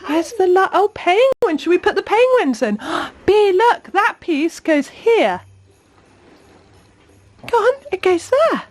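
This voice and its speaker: A woman's voice: very high voice, sing-song, takes it slowly. A young mother filming a casual home vlog, chatting to camera and coaxing her toddler in a sing-song voice. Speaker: vlogger and mum.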